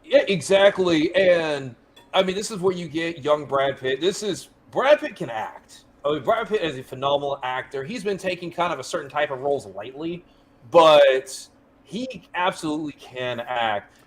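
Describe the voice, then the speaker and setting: A man co-hosting a horror podcast in casual chat, with a fairly high voice. He makes his points emphatically and with clear enthusiasm. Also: expressive, moderate pace, a little hiss or hum. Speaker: podcast co-host. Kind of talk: casual film review chat.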